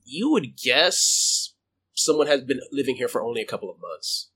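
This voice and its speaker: A man running a tabletop game as game master, narrating in a halting way with many fillers and restarts. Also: medium pitch, very animated, pushed and bright, slightly rough.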